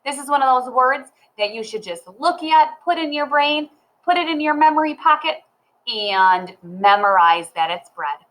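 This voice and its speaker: A woman teaching a children's phonics lesson, cheerful and slow, talking straight to the child. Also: sits high, animated, a bit bright, poor audio. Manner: cheerful, slow and sing-song, talks to the child. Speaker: reading teacher.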